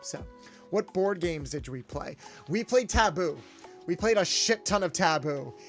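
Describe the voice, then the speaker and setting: Young male VTuber, casual and animated, light mechanic-persona patter, soft music bed. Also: sits high, measured pace. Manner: chatty, animated, in-character garage mechanic patter. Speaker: VTuber streamer. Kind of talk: casual livestream chat.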